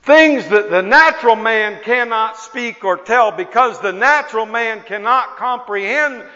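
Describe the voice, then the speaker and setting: An older man preaching a sermon, telling a story with passion and building to near-shouts. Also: very high voice, lively intonation, measured pace. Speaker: pastor. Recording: echoey hall, dull lo-fi sound.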